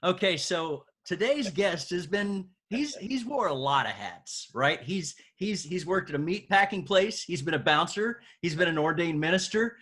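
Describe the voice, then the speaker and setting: A man co-hosting an interview who introduces the guest haltingly and often repeats words. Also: high voice, lively intonation, a bit bright, husky. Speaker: co-host.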